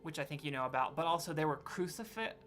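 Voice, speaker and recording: Low-voiced woman game master. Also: animated, fast, faint music behind. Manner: rambling, self-correcting. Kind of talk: narrating a tabletop game.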